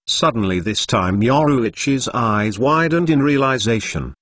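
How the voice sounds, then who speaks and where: A synthetic male voice narrates a fan story at a middle pitch. The reading is flat and mechanical and sometimes speaks punctuation marks aloud. The sound is dry and close, with no room echo. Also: measured pace, few pauses. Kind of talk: text-to-speech story reading.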